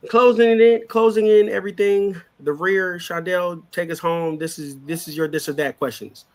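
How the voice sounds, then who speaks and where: A man co-hosting a casual podcast chat, joking around and dropping quick asides. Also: high-pitched, steady tone. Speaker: co-host.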